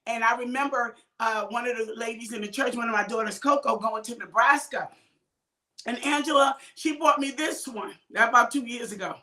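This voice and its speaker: A high, bright woman's voice carries an in an informal sermon. She exhorts her listeners, repeats short phrases and calls viewers out by name. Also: normal speed. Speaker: minister hosting a midday livestream. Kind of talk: informal preaching to online viewers.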